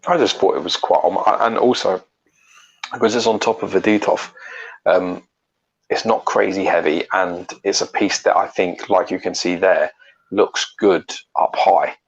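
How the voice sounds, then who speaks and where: Male co-host, low gravelly voice, blunt sweary chat, slightly dull recording. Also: steady tone, measured pace, a little hiss or hum. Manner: blunt and sweary, talks at length about statues. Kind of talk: casual chat.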